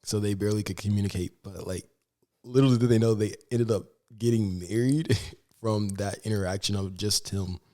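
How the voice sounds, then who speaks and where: Male podcast co-host, low voice, casual storyteller, loose and chatty. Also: fairly even intonation, normal speed, dark tone. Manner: chatty, many "like" fillers, storytelling. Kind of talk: casual chat.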